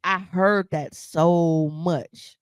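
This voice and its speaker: A woman's voice: fairly low pitch, fairly even intonation, extremely slow, clear, resonant tone, dry recording. A woman co-hosting a podcast, telling a story in casual chat, blunt and profane, with frequent laughs. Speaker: podcast co-host.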